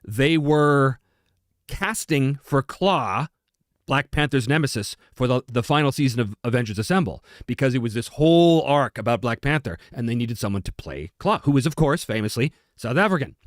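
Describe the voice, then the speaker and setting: This is a studio-quality recording without room sound: a man of medium pitch speaking at a normal pace. A voice actor, he hosts a livestream where he chats loosely and spins lively tales, breaking into easy laughter.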